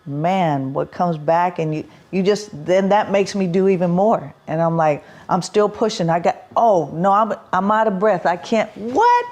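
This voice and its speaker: A woman's voice: fairly low pitch, expressive, measured pace, few pauses, a little mellow. A middle-aged woman musician, a guest in an interview, talking heartfelt about performing, restarting her sentences and laughing easily. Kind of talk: interview conversation.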